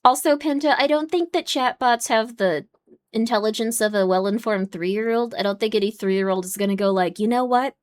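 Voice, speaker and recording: A young woman streamer chats casually with her viewers in a voice pitched somewhat high. She rambles through lots of fillers and restarts, and her exasperation comes through when chat says something odd. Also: moderate pace. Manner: rambling, many "like" and "um" fillers, gets loud and exasperated. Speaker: streamer hosting a watchalong.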